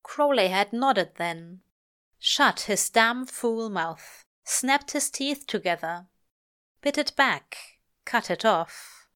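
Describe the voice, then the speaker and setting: Slow, lyrical woman reading fiction. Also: a little high, lively intonation, a bit bright, smooth. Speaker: reader. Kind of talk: audiobook-style fiction reading.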